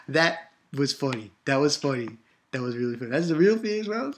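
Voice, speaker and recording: A woman reviews a manga chapter in a loose, excitable way and laughs often. Her voice sits fairly low but swings widely in pitch. She acts out the lines she describes as she goes. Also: fairly quick.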